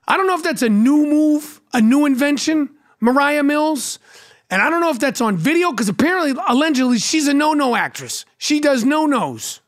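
A man's voice: very high-pitched, a bit bright. A middle-aged man with a New York accent, hosting a podcast and delivering a brash, profane, mocking solo rant. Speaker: podcast host.

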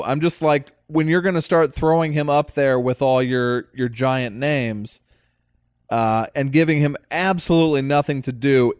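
A man's voice: mid-range voice, smooth, no echo, clean studio sound. A man co-hosting a casual movie review podcast, ranting bluntly and indignantly with crude words. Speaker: podcast co-host.

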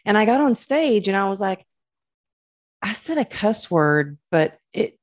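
A woman interview host with an unhurried, slower delivery and a noticeable accent. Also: medium pitch, big pitch swings. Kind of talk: conversational interview.

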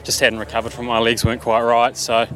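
Calm, matter-of-fact man from New Zealand. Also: mid-range voice, fast. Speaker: race finisher. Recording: faint background noise outdoors.

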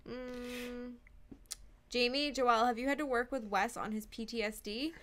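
A woman's voice: fairly high pitch, steady tone, moderate pace, a bit bright, a little hiss or hum. A woman co-hosting a casual live stream, reading viewer questions aloud and teasing her partner. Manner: reads chat messages aloud, teasing.

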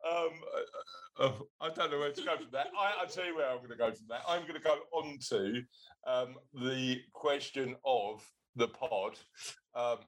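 A man's voice: mid-range voice, moderate pace, fairly bright tone, poor audio. A man hosting a podcast in casual chat, playful and teasing, laughing often. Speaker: podcast host.

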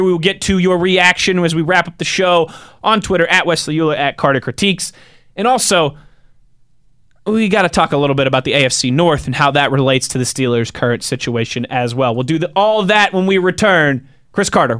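A man's voice: a little high, fairly quick, a bit bright, no room sound, studio quality. A young man, hosting a sports radio show in a casual, playful way. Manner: upbeat, playful banter.

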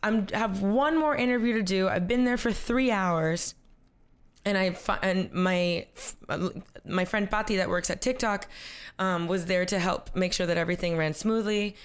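A woman's voice: mid-range voice, normal speed, clean tone. A young woman telling a story as an interview guest, acting out quotes and laughing often. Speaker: guest, content creator.

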